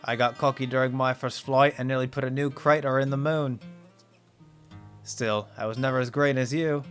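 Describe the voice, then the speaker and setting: A man's voice: medium pitch, steady tone, moderate pace, fairly bright tone, soft background music, lightly acted. A man reading as a teasing veteran flight coach. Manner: wry, teasing.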